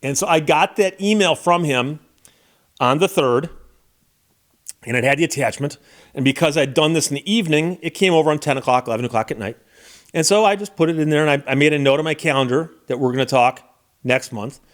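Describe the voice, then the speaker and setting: A man's voice: a little high, fairly quick. A middle-aged American man, a lawyer and YouTube host, speaking in a somber, reflective casual monologue with frequent restarts. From United States.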